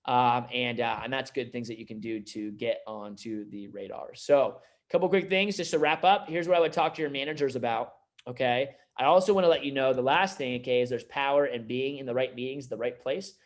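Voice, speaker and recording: A man running a sales team meeting, giving an energetic motivational talk full of "like" and "you know". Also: mid-range voice, a little fast.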